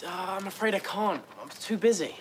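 A woman voicing a young cartoon man, a sweet boyfriend who stammers nervously and gets excitable. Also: mid-range voice, moderate pace, background noise, natural voice. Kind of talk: cartoon voice acting.

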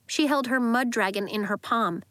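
A woman narrating a children's story in a lively, expressive way. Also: fairly high pitch, moderate pace, no room sound. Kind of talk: audiobook narration.

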